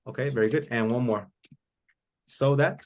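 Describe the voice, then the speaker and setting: A man teaching an English class, explaining slowly and repeating each example, with Spanish translations. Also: mid-range voice, steady tone. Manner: slow, deliberate repetition of examples. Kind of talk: classroom lesson.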